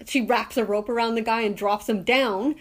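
A woman's voice: on the high side, steady tone, normal speed. A woman hosting her own podcast, chatting casually and laughing often as she retells favorite movie scenes. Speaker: podcast host. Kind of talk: casual solo podcast chat.

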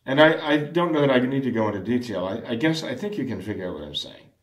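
A man earnestly discussing family prayer in a measured, instructive way, often restarting phrases and clearing his throat. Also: mid-range voice, lively intonation, roomy sound.

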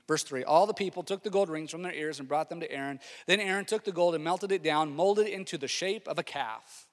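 A man preaching a sermon as lead pastor, animated, swinging from loud exclamations to quiet asides. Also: on the high side, fairly quick, hardly any pauses, big-room sound.

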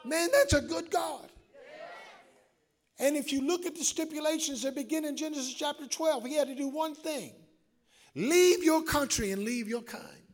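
A man preaching a sermon as pastor, calling on the congregation to answer back and swinging between shouts and hushed asides. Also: extremely high pitch. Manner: preaching with call-and-response to the congregation.

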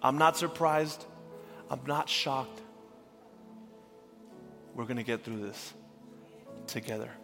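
A young adult man, a pastor, preaching a sermon with earnest feeling that swings from urgent rises to hushed, tender passages. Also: medium pitch, takes it slowly, creaky, long pauses. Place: church sanctuary. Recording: church hall reverb with faint music.

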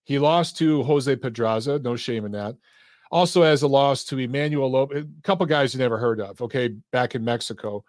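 A man hosting a live boxing stream, talking casually with callers and reading chat, relaxed and profane, laughing easily. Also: medium pitch, fairly quick, no room sound, studio quality. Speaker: boxing show host.

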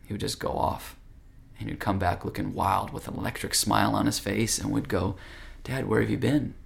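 Gravelly man giving an earnest spiritual talk. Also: lowish voice, steady tone, moderate pace. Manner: earnest, conversational, direct. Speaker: yoga teacher.

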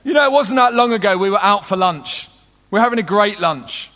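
A man's voice: sits high, expressive, a little fast, bright, forceful tone. A middle-aged British man preaching a sermon, conversational and humorous, telling stories to a crowd. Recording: long hall reverb.

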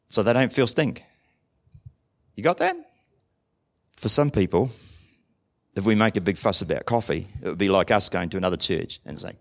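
Lively New pastor preaching. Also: male voice, mid-range voice. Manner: conversational, asks the congregation questions; acts out short dialogues in different voices. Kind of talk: sermon.

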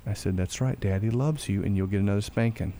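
A man hosting a faith talk show, telling a family story in a casual, halting way, often repeating words and going quiet when he quotes himself. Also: fairly low pitch.

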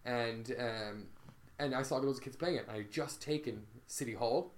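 A man telling a story in casual chat, animated and swearing freely, often restarting his sentences. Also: medium pitch, moderate pace.

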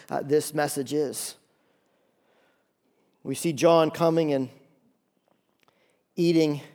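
A man's voice: a little high, a little mellow. A man preaching a sermon as pastor, conversational and impassioned, often repeating phrases for emphasis.

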